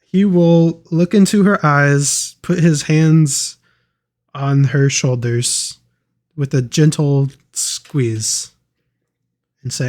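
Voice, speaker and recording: A man playing a tabletop game, slowly and deliberately describing his character's actions. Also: fairly high pitch, fairly even intonation, a little mellow. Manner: slow, deliberate descriptive narration.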